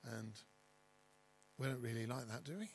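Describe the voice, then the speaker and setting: A man preaching a sermon as pastor, stressing key words loudly and dropping to quiet asides. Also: medium pitch, normal speed, a little hiss or hum, poor audio. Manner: emphatic, swinging between loud stresses and quiet asides.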